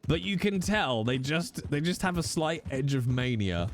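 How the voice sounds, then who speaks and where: A man's voice: on the high side, lively intonation, normal speed, a little hiss or hum. A man, chatting casually with viewers on a live stream, jokey and teasing, with the odd swear.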